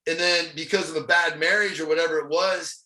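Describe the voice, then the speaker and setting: High, bright-voiced man from Ohio. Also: a little fast. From Ohio, USA. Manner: animated, chuckles often while telling stories. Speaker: motivational speaker, podcast guest. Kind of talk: casual storytelling interview. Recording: echoey room.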